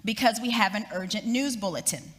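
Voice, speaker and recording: A woman's voice: fairly high pitch, a little fast, close to an everyday voice. A woman voicing an urgent male radio news announcer who repeats his bulletin insistently, heard in an echoey hall.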